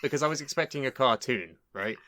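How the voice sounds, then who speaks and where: A man co-hosting a casual podcast chat, with a dry, deadpan sense of humor. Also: medium pitch, fast, heavy background noise. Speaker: podcast co-host.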